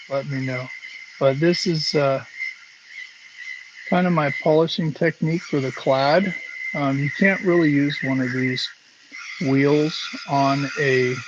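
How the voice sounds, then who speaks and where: A man hosting a casual live stream from his home workshop, talking slowly with many fillers while he works. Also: medium pitch, dull audio. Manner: slow, halting, lots of fillers. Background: buffing wheel hum.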